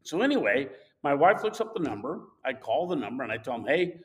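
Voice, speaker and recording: A man casually telling a personal anecdote, animated and acting out the shouting of people in it. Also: mid-range voice, brisk, poor audio. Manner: animated, acts out shouted quotes. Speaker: storyteller.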